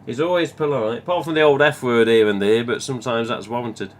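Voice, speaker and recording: Fairly quick and steady in tone, a mid-range male voice with a Midlands accent hosts a live stream from England. He chats casually through viewer comments, rambling and now and then letting slip a swear word.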